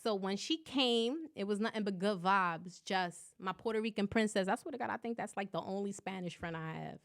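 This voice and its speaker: A young woman hosting a podcast, loud and profane, laughing often in casual chat. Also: medium pitch, brisk, vocal fry, hardly any pauses. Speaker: podcast host.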